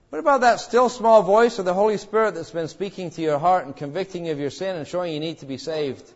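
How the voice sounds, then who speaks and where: Earnest preaching man, slightly high voice. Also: quick pace, hardly any pauses, lo-fi sound. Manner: earnest preaching with repeated pleading questions. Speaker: pastor. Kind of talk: sermon.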